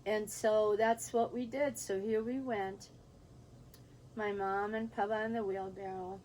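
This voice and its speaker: A woman's voice: mid-range voice, fairly even intonation, darkish tone, a little hiss or hum, rough recording. Older woman telling a childhood story. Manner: pauses to drink and clear throat, recounting quoted dialogue. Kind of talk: personal storytelling.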